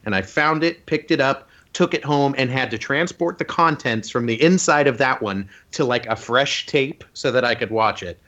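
Telling stories during a casual podcast chat, this male co-host animatedly voices the people in them. He has a mid-range voice, keeps a moderate pace, and barely pauses. The audio sounds dull and lo-fi.

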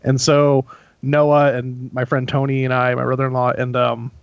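A man's voice: medium pitch, little pitch movement, normal speed, creaky, no echo, lo-fi sound. A man chatting casually on a podcast, rambling with lots of filler words and frequent laughs. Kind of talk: casual chat.

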